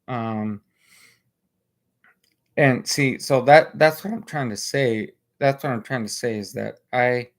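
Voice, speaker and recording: Gravelly slow-talking man on a livestream. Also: medium pitch. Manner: halting, many restarts and fillers; earnest and emotional. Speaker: livestream host. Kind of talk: casual livestream monologue.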